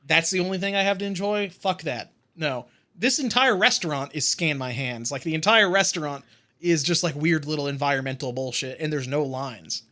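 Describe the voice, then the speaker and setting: A young man co-hosting a podcast, rambling and animated with lots of fillers and swearing. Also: fairly high pitch, moderate pace. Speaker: podcast co-host. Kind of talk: casual chat.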